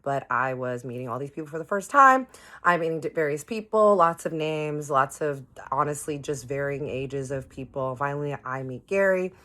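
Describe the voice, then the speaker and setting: A woman's voice: deep voice, normal speed. A woman telling a personal story to her viewers in a casual, chatty way, acting out what people said. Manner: chatty, animated retelling with quoted voices. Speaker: storytime vlogger.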